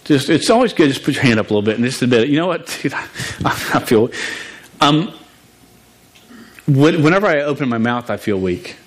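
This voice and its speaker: A man's voice: mid-range voice, lively intonation, fairly quick, pauses often. A man preaching to a youth group as their youth pastor, earnest and emotional, often restarting and stumbling over his words.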